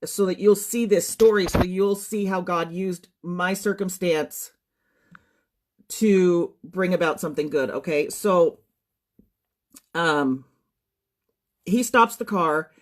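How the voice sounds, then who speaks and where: Shaken woman telling a painful personal story. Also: on the low side. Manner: shaken, trying to keep composure, many ums. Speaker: social media storyteller. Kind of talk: emotional personal testimony to viewers.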